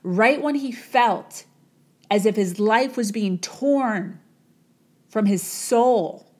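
Slow dramatic woman storyteller. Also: on the high side, a little mellow. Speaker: motivational speaker. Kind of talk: storytelling talk.

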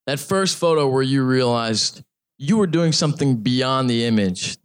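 A male interviewer asks measured, earnest questions. His voice is smooth and resonant, at an ordinary pitch for a man. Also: lively intonation.

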